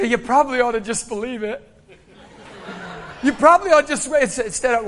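A man from Pennsylvania preaching a sermon, swinging from shouts down to hushed near-whispers and laughing often as he talks. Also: very high voice, fairly quick, long pauses.

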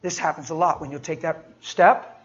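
A man's voice: fairly high pitch, steady tone, normal speed, fairly bright tone. A male preacher giving a sermon in a folksy storytelling way, acting out everyday conversations. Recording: dull lo-fi recording.

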